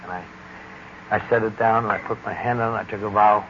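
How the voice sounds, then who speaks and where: A middle-aged man speaking deliberately and wryly, giving a personal testimony talk about recovery. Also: fairly low pitch, little pitch movement, fairly bright tone. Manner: deliberate, wry, emphatic speaking. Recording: dull lo-fi recording with faint hiss.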